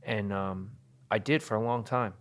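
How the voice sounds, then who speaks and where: A man in his thirties from New Jersey, a guitarist talking candidly and earnestly in a podcast interview. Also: on the low side. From New Jersey, USA. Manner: earnest, confessional, speaks slowly with pauses. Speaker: guitarist guest.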